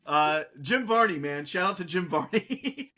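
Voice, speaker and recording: A man co-hosting a podcast, chatting casually as an enthusiastic, animated storyteller with many fillers. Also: sits high, measured pace. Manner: animated storyteller, acts out quotes. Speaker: podcast co-host. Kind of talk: casual chat.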